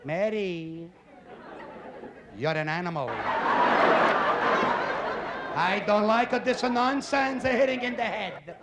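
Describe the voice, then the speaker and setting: A man voicing a bossy old Italian mother who is loud, blunt and exasperated, on stage. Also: sits high, slow, pauses often, a loud crowd, heavy background noise. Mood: scolding. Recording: echoey club with loud audience.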